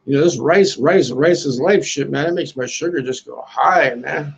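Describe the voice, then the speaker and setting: A man's voice: fairly high pitch, moderate pace, creaky, slightly rough, muffled recording. A man in his sixties from the United States, rambling crudely on a casual livestream, tacking "man" onto his lines, outdoors on a balcony. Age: 60s. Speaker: livestream host.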